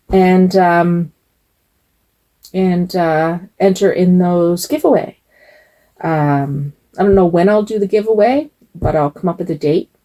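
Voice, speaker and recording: An older woman hosting her own doll channel, talking to camera in a gentle, chatty, rambling way. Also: on the low side, low-quality recording. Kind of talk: casual talk to camera.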